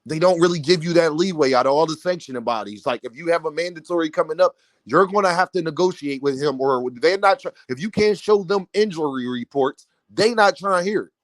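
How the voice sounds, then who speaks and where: A man with a high voice delivers opinionated boxing commentary. He speaks emphatically and addresses his audience directly. The sound is close and dry, with no room around it. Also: brisk, no echo. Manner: emphatic, talks straight to his viewers.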